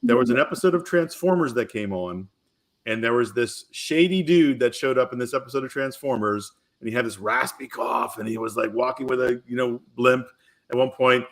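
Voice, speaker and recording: A middle-aged man hosting a podcast, chatting casually and telling stories in an animated, rambling way with frequent restarts. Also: medium pitch, fairly quick. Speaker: podcast host. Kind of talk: casual chat.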